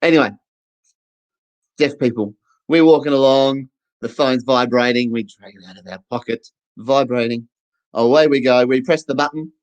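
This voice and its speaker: A man's voice: medium pitch, moderate pace, pauses often, muffled recording. A man doing a stand-up comedy set to camera, chatty and playful, acting out little scenes.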